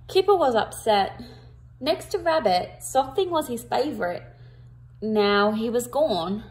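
A woman reading a picture book aloud to children, with expressive emphasis, and pausing to ask her listeners questions. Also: on the high side. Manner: interactive, asks the listeners questions.

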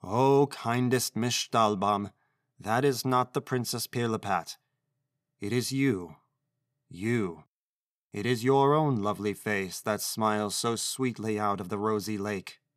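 A man's voice: mid-range voice, normal speed, fairly bright tone, dry recording, clean studio sound, natural voice. A man voicing the Nutcracker, a young and courtly prince who speaks formally and politely. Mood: courteous.

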